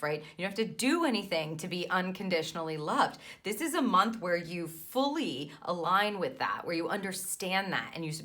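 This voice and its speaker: A woman working as a tarot reader and intuitive mentor delivers a spiritual card-reading monologue, soothing and affirming her listener and often ending lines with "right?". Her voice is fairly low in pitch, pushed and bright.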